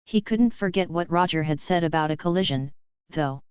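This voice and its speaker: Very clear, low-voiced woman narrator. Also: moderate pace, dry recording, lo-fi sound. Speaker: audiobook narrator. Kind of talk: scripted narration.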